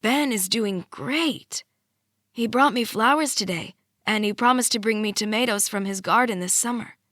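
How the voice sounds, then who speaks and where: A woman's voice: a little high, moderate pace, dry recording, clean studio sound, lightly acted. A woman voicing a frail, doting grandmother. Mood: affectionate. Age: older. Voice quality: frail, slightly breathless. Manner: tender, doting, gently teasing. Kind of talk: audiobook character voice.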